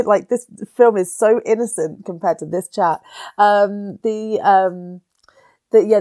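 A woman's voice: lowish voice, warm tone. A woman co-hosting a podcast in casual chat, with a stuffy nose from a cold and a giggly, self-deprecating manner. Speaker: podcast co-host.

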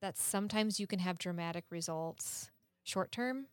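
A woman's voice: fairly low pitch, normal speed, dry recording. Earnest chatty woman, dry sound. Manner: earnest, explanatory, laughs often; curses casually. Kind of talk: casual chat.

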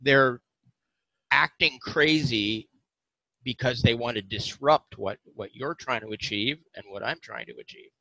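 A man's voice: medium pitch, a little slow, sharp tone, dry recording, poor audio. A male podcast guest speaking earnestly and carefully, sometimes hesitating as he explains. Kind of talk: casual interview talk.

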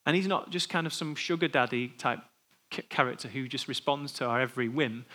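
A man's voice: a little high, a little fast, sharp tone. A man preaching an informal sermon in a church, talking in a conversational way and thinking aloud before opening the floor for discussion.

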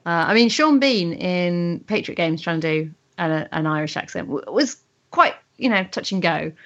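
A woman's voice: lowish voice, expressive, moderate pace, fairly bright tone. A woman in casual podcast chat, chatty and full of questions and rambling asides. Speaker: podcast co-host. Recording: muffled lo-fi audio.

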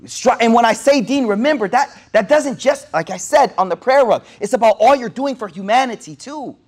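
High-voiced man giving a casual sermon. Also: lively intonation, normal speed. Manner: mixes street slang with recited Arabic quotations; repeats phrases for emphasis. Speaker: Islamic teacher.

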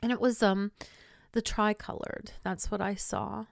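A woman's voice: mid-range voice, little pitch movement, unhurried, gravelly, dry recording, studio quality. An older woman hosting a podcast, telling a personal story with feeling and sometimes dropping to a whisper. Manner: emotional, drops to whispers in tender moments. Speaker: podcast host.

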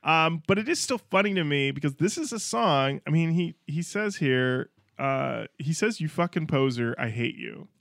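A man co-hosting a podcast in casual chat, animated and laughing often. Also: on the high side, moderate pace, vocal fry, hardly any pauses, no room sound, clean studio sound. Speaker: podcast co-host.

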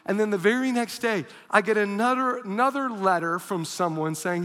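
A male pastor delivers a sermon in a high, bright, forceful voice, telling stories with lively energy and sudden shouts. His voice rings out in a large hall with a long reverb trailing behind it. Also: normal speed, few pauses. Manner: animated storyteller, bursts into shouts. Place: church auditorium.

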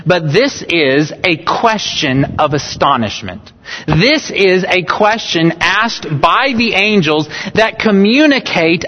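A man preaching a sermon as pastor, earnest and rising in emphasis, often repeating a phrase with new stress. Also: high voice. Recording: dull sound with long hall reverb.

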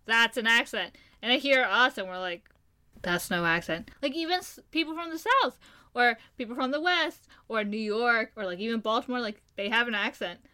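A woman's voice: on the high side, lively intonation, brisk, sharp tone. A young woman from Maryland co-hosting a podcast, rambling and giggling through casual questions. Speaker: podcast co-host.

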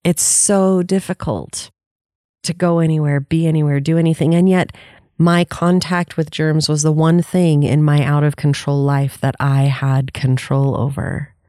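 A woman's voice: deep voice, flat delivery, unhurried, mellow, no room sound, clean studio sound. A woman life coach giving an earnest, candid motivational talk, laughing often and swearing casually.

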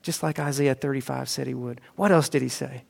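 A man's voice: mid-range voice, steady tone, brisk, creaky, a little mellow. A man voicing an imprisoned prophet, pressing questions. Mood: eager, insistent. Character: John the Baptist, imprisoned prophet, eager and probing. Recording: echoey hall.

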